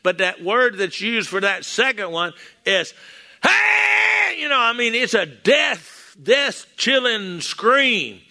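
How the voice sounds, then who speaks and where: A man's voice: high-pitched, expressive, slow, pushed and bright. An older man from Texas with a Texan accent, preaching a sermon as a pastor in a folksy storytelling way, acting out the quotes.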